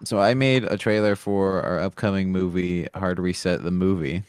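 A man with a lowish, smooth voice co-hosts a live podcast in loose banter. He jokes and swears casually. The sound is close and dry. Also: steady tone, normal speed, a little mellow, no room sound. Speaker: podcast co-host.

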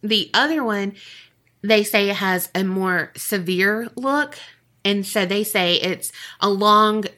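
A woman's voice: medium pitch, takes it slowly, pushed and bright. A woman co-hosting a podcast, telling a story in casual, profane chat full of "like" and "you know", often giggling. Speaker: podcast co-host.

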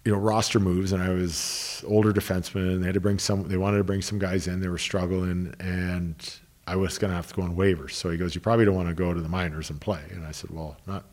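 Deep-voiced man telling rambling stories. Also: flat delivery, quick pace, darkish tone. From Canada. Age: 30s. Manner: rambling anecdotes with restarts, quoting others. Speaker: guest, hockey coach. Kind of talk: interview storytelling.

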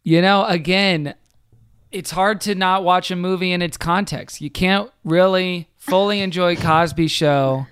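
A man's voice: sits high, fairly even intonation, unhurried, a bit bright, clear, resonant tone, dry recording, clean studio sound. A man co-hosting a comedy podcast over a video call, joking and slipping into mock-solemn tones. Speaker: podcast co-host. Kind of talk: casual comedic chat.

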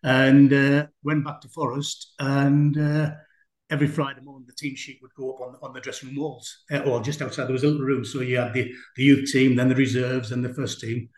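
Chatty ex-footballer, roomy sound. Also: male voice, medium pitch, level tone, a little fast. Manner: chatty, rambling, with many fillers. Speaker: former footballer guest. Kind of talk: anecdotal storytelling in a conversation. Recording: roomy echo.

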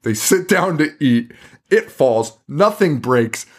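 A man co-hosting a podcast speaks slowly in a slightly high voice with a breathy edge. In casual, profane, animated chat, he acts out scenes and quotes from a movie.

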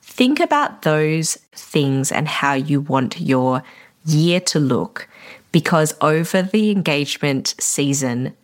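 A woman's voice: low voice, lively intonation, takes it slowly. A woman, a wedding photographer hosting a solo podcast, talking reflectively and encouragingly to fellow vendors. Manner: reflective, encouraging, a little emotional at times.

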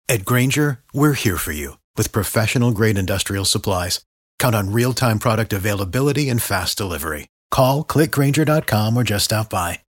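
A man reading a scripted commercial in an earnest, measured way, in short phrases. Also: fairly low pitch, breathy edge, no echo, studio quality. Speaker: commercial announcer. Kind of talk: scripted ad read.

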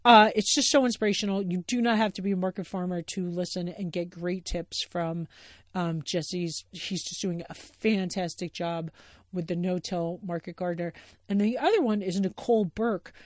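A woman's voice: on the low side, steady tone, normal speed, dry recording, studio quality. A woman hosting her own podcast, talking alone in a rambling, enthusiastic way with many fillers and restarts. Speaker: podcast host. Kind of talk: casual solo podcast talk.

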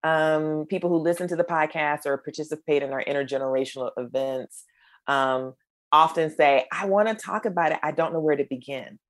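A middle-aged woman from the United States, a podcast guest, telling stories in an animated way and acting out the voices of people she quotes. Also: low-pitched, fairly quick. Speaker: guest, creator of a menopause storytelling project. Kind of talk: storytelling in a podcast conversation.

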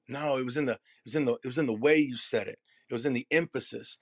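Male keynote coach, middle pitch, punchy preacher-style emphasis, dry close sound. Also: no echo. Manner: emphatic, preacher-like cadence with dramatic pauses and repeated phrases. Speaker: keynote speaker and messaging coach. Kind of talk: motivational keynote to a live audience.

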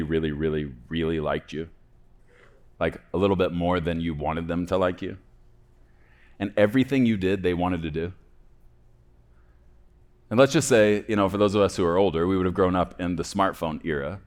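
Casting note: young male pastor, lowish voice, sermon delivery that rises to loud peaks and falls to hushed endings.

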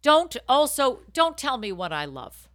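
A woman hosts a comedy podcast with loud, jokey banter that tips into rants. Her voice is bright and forceful. Her pitch swings widely. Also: big pitch swings, unhurried. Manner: loud, jokey, rant-prone. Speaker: podcast host.

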